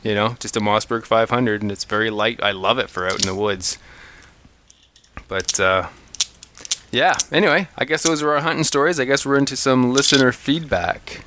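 A man co-hosting a podcast, telling hunting stories in an animated, casual way, often restarting his sentences. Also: mid-range voice, normal speed, background noise. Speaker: podcast co-host. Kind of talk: casual storytelling chat.

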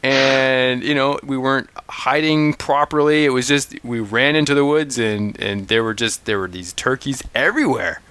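Co-host, male, bright and clear, dry close mic, energetic storyteller. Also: mid-range voice, normal speed, few pauses, dry recording. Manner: animated, restarts often, acts out calls. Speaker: podcast co-host. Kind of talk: casual storytelling chat.

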